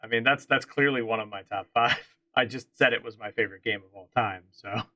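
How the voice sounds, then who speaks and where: A man co-hosting a casual podcast, easygoing and quick to laugh, giving short replies. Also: mid-range voice, bright, forceful tone, no echo. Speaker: podcast co-host. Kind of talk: casual chat.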